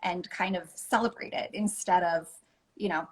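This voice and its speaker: A woman's voice: on the low side, steady tone, moderate pace, rough recording. Earnest chatty woman coach. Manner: enthusiastic, earnest, laughs easily. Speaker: guest, life coach. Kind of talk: casual interview chat.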